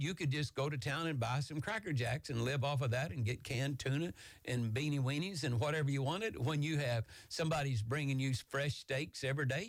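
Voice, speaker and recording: A man preaching a Bible-teaching sermon as a pastor, talking fast and excitedly in a folksy, homespun way. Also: medium pitch, no room sound.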